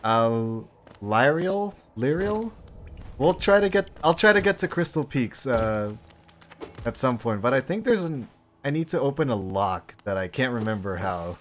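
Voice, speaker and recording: A man streaming a game and chatting with a friend, his pitch sitting in an ordinary middle range. He talks in a loose, easygoing way, half to himself, with the odd curse thrown in. A faint hiss sits under his voice. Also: normal speed. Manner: relaxed, mumbling to himself, swears casually. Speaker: streamer host. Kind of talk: casual gameplay chat.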